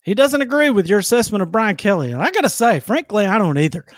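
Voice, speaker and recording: A man co-hosting a casual sports podcast, animated and quick to exclaim and laugh. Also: high voice, dry recording, clean studio sound. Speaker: podcast co-host.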